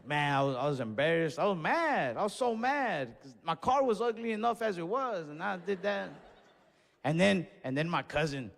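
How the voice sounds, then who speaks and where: A man doing stand-up, telling a story in a casual, profane way with sudden shouted bursts, recorded live on stage. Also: sits high, animated, normal speed, creaky. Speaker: stand-up comedian. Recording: reverberant live venue with faint ambience.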